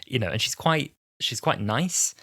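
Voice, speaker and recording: A man's voice: normal speed, no echo, studio quality. A man in his twenties co-hosting a podcast, chatting casually and acting out lines in put-on voices. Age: 20s. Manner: animated, acts out lines from the episode in high put-on voices. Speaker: podcast co-host. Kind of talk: casual chat.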